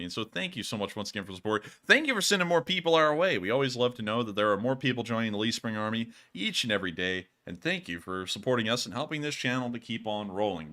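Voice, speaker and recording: A man hosting a casual livestream, joking and saying "y'all". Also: medium pitch. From Alabama, US. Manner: joking, animated, drawling "y'all". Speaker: host.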